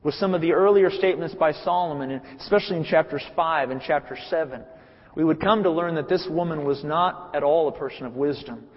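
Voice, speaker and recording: A man's voice: a little high, fairly quick. A man preaching a sermon, earnest and emphatic, who repeats phrases for weight. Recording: reverberant hall, muffled sound.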